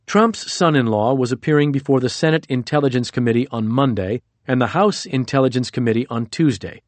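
A man giving a measured, scripted audiobook narration into a close studio mic. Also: medium pitch, no room sound.

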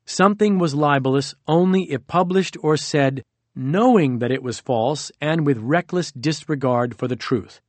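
A man's voice: a little high, normal speed, no room sound. Man with a dry, close narrating voice. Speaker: audiobook narrator. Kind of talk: nonfiction audiobook narration.

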